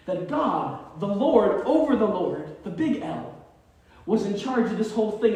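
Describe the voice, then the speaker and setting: A male pastor preaches with a notably high voice, swinging between loud emphasis and near-whispered points. He sounds distant, as if miked from afar in a large, echoing church sanctuary. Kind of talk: sermon. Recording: echoey church from far off.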